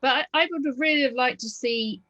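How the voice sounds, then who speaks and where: A woman's voice: sits high, fairly quick, bright, forceful tone, lo-fi sound. A woman interviewing a guest, speaking hesitantly with many fillers and restarts. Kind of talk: conversational interview.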